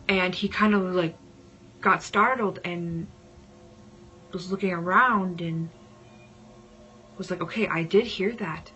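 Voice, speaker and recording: A woman vlogger telling a personal story casually, dramatic and at times dropping into hushed whispers. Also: medium pitch, low-quality recording.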